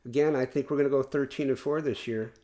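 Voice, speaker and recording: A man sits alone at the mic hosting his own podcast. He talks in a loose, earnest, rambling way and often circles back to restart a sentence. His voice sits at an ordinary middle pitch. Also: fairly even intonation, fast talker, mellow. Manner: rambling, earnest fan talk with frequent restarts. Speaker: podcast host. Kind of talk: casual solo podcast monologue.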